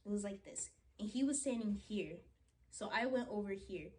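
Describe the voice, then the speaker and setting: Getting ready in front of the camera, a young woman vlogger retells a story with animated drama and plenty of "like"s. Her mid-range voice has a breathy edge and moves at a normal speed.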